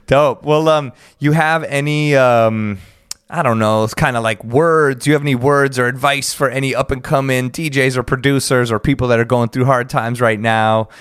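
A man's voice: mid-range voice, fairly even intonation, normal speed, fairly bright tone, clear, resonant tone, dry recording, clean studio sound. A man with an American accent hosting a casual podcast interview, laid-back and slangy, often laughing. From United States. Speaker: podcast host.

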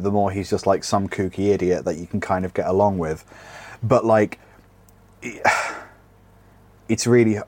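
A man's voice: on the low side, darkish tone, breathy edge. A man co-hosting a comedy podcast, talking in a sardonic, rambling way and swearing freely. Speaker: podcast co-host. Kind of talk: casual comedic chat.

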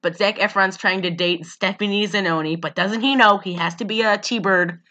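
A woman's voice: mid-range voice, steady tone, normal speed, bright, forceful tone. A woman co-hosting a casual podcast, sarcastic and profane, often exasperated and laughing. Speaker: podcast co-host. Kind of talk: casual movie-recap podcast chat.

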